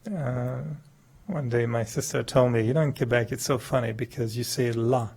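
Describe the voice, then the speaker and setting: Husky-voiced guy teaching meditation, english isn't his first language, keeps laughing at himself. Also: normal speed, a little mellow. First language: not English. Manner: chatty and humorous, laughs often at himself; acts out quoted dialogue with big pitch jumps. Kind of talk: spiritual talk to an audience.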